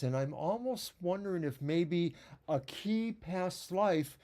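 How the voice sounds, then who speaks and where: A man co-hosting a tarot broadcast, thinking out loud in a halting way and often restarting his sentences. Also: on the high side. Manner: musing, halting, restarts mid-thought. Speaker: tarot reader and co-host. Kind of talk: casual chat about a tarot reading.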